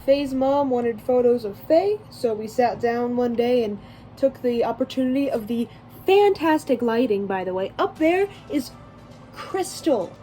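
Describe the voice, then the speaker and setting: A woman's voice: fairly high pitch, a little slow, warm tone, faint music behind, low-quality recording. A teenage girl narrating her vacation vlog in a rambling, chatty way, full of fillers and restarts. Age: teens. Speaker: vlogger. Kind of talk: casual voice-over storytelling.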